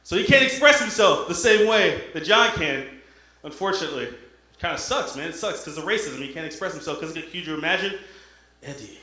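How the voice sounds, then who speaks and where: A man's voice: fairly high pitch, expressive, a little fast, sharp tone. A young man doing a stand-up comedy set, talking in a loose, conversational way and checking in with the crowd. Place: comedy stage in an echoey room. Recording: echoey room.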